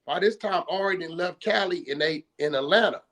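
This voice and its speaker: A man's voice: sits high, brisk, a bit bright. A man from California retelling a story in casual streetwise slang, often checking in with "right?" and acting out both sides of old phone calls. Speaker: guest.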